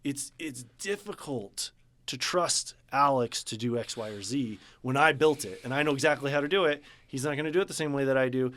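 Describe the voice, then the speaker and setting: Guest business coach, man, earnest, lively storyteller in casual chat. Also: medium pitch, fairly quick. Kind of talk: casual interview talk.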